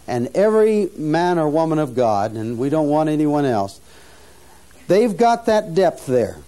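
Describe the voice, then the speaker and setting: Unhurried and mellow, this older man's slightly high voice swings widely in pitch. He is a mission founder giving students an earnest, preacherly teaching talk in sermon style, often starting phrases over and lifting his voice to stress key points.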